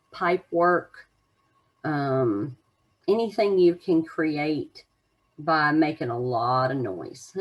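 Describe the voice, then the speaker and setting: A woman's voice: on the low side, a little mellow. A woman giving an unscripted oracle card reading to her viewers, musing in a meandering way with many fillers.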